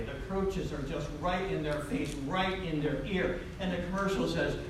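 A man preaching a sermon as pastor, emphatic and swinging between loud declarations and quiet asides. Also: high voice, slight background noise. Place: church sanctuary. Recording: very echoey, distant mic.

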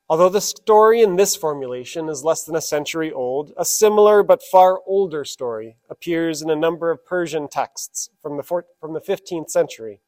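Fairly high-voiced male preacher. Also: normal speed, hardly any pauses, a little mellow. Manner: storytelling, then reverent prayer. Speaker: pastor. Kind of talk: sermon.

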